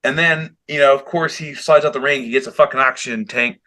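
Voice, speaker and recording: A man recaps a wrestling match with loose, animated energy, swearing freely and slipping into quick impressions. His tone is bright and forceful and sits at an ordinary pitch for a man. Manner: animated, heavy swearing, acts out quotes. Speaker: podcast co-host. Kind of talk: casual wrestling chat.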